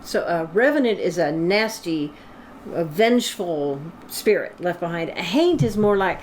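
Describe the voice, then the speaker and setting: A woman's voice: fairly low pitch, animated, measured pace, darkish tone, a little hiss or hum, rough recording. A woman co-hosting a casual chat, explaining things in a knowledgeable way with frequent ums. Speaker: absinthe expert co-host.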